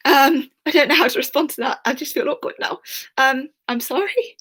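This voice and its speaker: A young woman teaching history in a recorded remote lesson, talking to her pupils in a warm, reassuring, chatty way with fillers. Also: high voice, a little fast.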